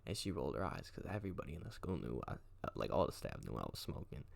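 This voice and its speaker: A man's voice: very deep voice, big pitch swings, fast talker, gravelly. A young man telling a casual storytime, slangy, profane and rambling.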